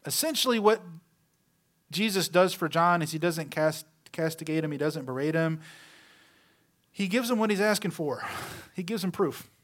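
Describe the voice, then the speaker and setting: A man's voice: a little high, normal speed, pauses often, a bit bright. Man preaching with rhetorical questions. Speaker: pastor. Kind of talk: sermon.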